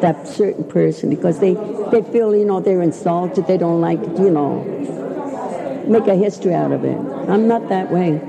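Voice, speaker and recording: An older woman reminisces in a chatty, rambling way, laughing at her own stories. Her voice has a gravelly edge. A crowd murmurs clearly behind her. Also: lowish voice, normal speed, rough recording. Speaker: interviewee. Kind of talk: reminiscing oral history.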